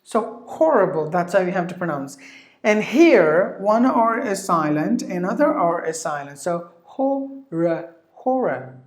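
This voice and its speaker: A woman teaching English pronunciation who repeats each word slowly and spells out its letters. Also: on the low side, expressive. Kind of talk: pronunciation lesson. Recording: echoey room.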